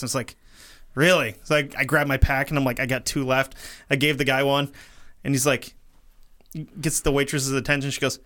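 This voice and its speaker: A man's voice: mid-range voice, fast talker. A man hosting a podcast, telling stories in casual, profane chat and acting out quotes. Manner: profane, animated storytelling with acted quotes. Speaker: podcast host.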